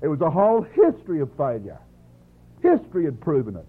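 A man's voice: a little high, wildly swooping pitch, a little fast, breathy edge. A man preaching a sermon, expounding scripture in an earnest, emphatic way and often addressing the congregation directly. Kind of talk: sermon, Bible exposition. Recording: tinny phone-like lo-fi recording.

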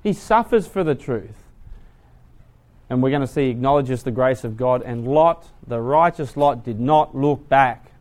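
A man preaching a sermon, retelling a story dramatically, swinging from hushed to loud. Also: medium pitch, lively intonation, measured pace.

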